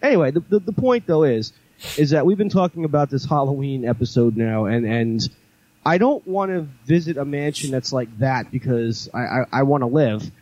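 A man's voice: mid-range voice, lively intonation, moderate pace, darkish tone, no echo, lo-fi sound. A man co-hosting a casual podcast, telling a long story with many fillers and restarts. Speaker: podcast co-host. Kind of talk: casual chat.

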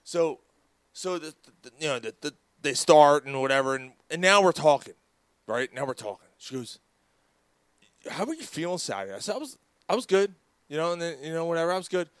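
A man's voice: fairly high pitch, sing-song, fairly quick, a bit bright, smooth, no echo. A man co-hosting a casual sports talk show, telling a long story with lots of swearing and acting out the people he quotes. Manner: profane, rambling, acts out quoted dialogue. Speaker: podcast co-host. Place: studio.

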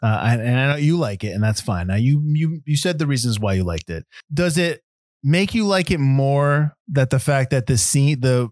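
A man's voice: mid-range voice, moderate pace, no echo. A man hosting a podcast in a casual film chat, telling stories with many restarts. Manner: rambling, animated storyteller with many restarts. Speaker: podcast host.

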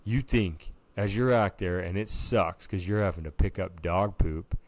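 A man's voice: low voice, unhurried, a little hiss or hum. A man co-hosting a podcast, telling a story in casual chat, acting out quotes with lots of "dude". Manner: animated storyteller, acts out quotes, says "dude" a lot. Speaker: podcast co-host.

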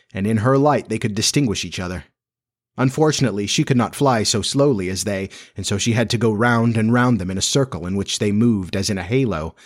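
A man reading a storybook aloud as narrator, with measured, even storytelling. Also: on the low side. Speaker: audiobook narrator.

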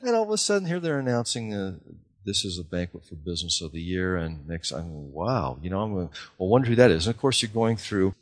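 Deep-voiced rambling middle-aged man. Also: sing-song, fast talker. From Idaho, USA. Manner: rambling, repeats words, frequent fillers. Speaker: guest, car dealer. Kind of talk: casual interview storytelling.

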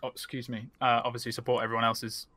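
A man talking as a podcast guest, chatty and quick, leaning on fillers like "like" and "you know". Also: medium pitch, completely flat delivery, pushed and bright, no room sound. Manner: chatty, fast, heavy on fillers. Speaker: podcast guest, team stream lead. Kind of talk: casual podcast chat.

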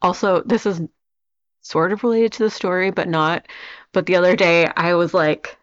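A woman co-hosting a podcast in bubbly, animated casual chat. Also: fairly low pitch, moderate pace, smooth. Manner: bubbly, animated, laughs often. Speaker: podcast co-host, storyteller. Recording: slightly dull lo-fi sound.

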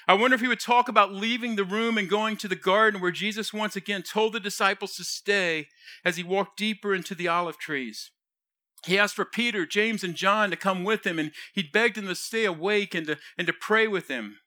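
A man delivers a storytelling sermon. His voice sits high and rings bright. He retells scripture in relaxed modern words and acts out the voices of the people in it. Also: normal speed. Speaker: preacher.

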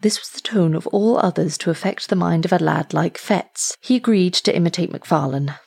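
A woman reading a story aloud as narrator, in a steady, measured way. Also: on the low side, creaky, breathy edge. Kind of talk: audiobook reading.

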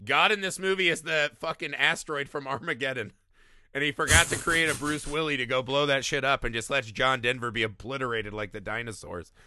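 A man in his thirties co-hosting a casual movie discussion, animated and profane, often acting out quotes. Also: mid-range voice, a little fast, slight background noise. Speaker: podcast co-host.

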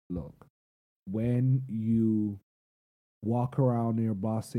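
A man co-hosting a podcast in casual chat, animated and jokey, laughing often. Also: medium pitch, normal speed, narrow, tinny audio. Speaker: podcast co-host.

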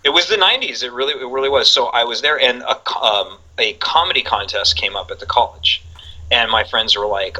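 A husky man in his forties talks as a guest in a relaxed chat. His voice is bright and forceful, and he rambles along with lots of fillers and laughter. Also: mid-range voice, fast talker, rough recording. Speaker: podcast guest. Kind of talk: casual chat.

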